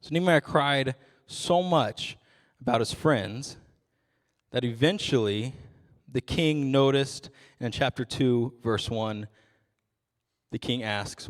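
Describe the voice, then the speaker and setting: A man's voice: mid-range voice, takes it slowly, pauses often, big-room sound. A young adult man giving a youth sermon as a ministry intern, casual and self-deprecating with frequent jokes.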